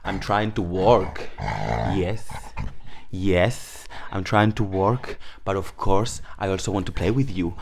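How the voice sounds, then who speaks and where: A man's voice: deep voice, steady tone, a little slow, few pauses, background noise. A man whose first language is Spanish, chatting casually through an online Spanish lesson, full of "like" fillers, at home. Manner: chatty, many "like" fillers, talks to his dog. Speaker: language teacher.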